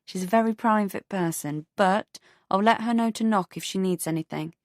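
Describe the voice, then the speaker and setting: A woman's voice: medium pitch, normal speed, no room sound, natural voice. A woman voicing an anxious heroine who speaks politely but guardedly, close to her own reading voice. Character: anxious young woman, the first-person heroine.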